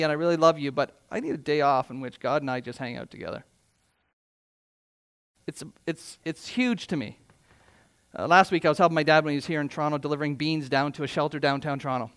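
A man's voice: a little high, a bit bright, smooth. A middle-aged man preaching a sermon in church, with a conversational yet emphatic style and many rhetorical questions. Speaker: pastor.

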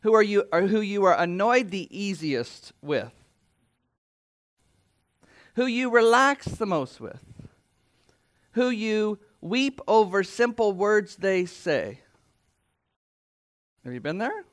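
A pastor delivers an earnest sermon in a fairly high male voice. He drops into quiet, close asides and then lifts his voice to urge his listeners on. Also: expressive, slow, long pauses. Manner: earnest preaching, with quiet asides and lifted exhortations. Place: church.

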